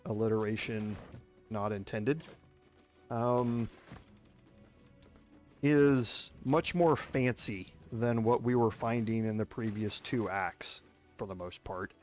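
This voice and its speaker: A man's voice: fairly low pitch, slow, pauses often, darkish tone, soft background music. A man with a Texas accent giving casual, step-by-step commentary while playing a video game. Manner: chatty, explains step by step. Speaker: gameplay streamer.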